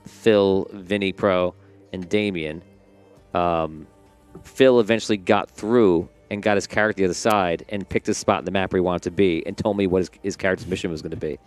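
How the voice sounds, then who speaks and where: A man narrating as game master of a tabletop role-playing game, rambling and relaxed with many fillers. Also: sits low, normal speed, faint music behind.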